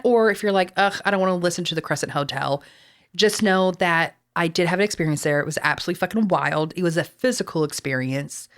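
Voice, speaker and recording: A woman from Texas with a Texan accent hosts a podcast in a casual chat, speaking in a fairly low, slightly bright voice. She's chatty, uses lots of fillers, and swears casually.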